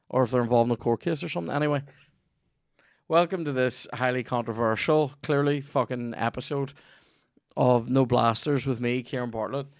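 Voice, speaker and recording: A man's voice: medium pitch, gravelly, dry recording, clean studio sound. A Northern Irish man hosting a podcast, rambling through a profane, jokey sponsor read. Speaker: podcast host. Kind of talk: sweary comedic ad read.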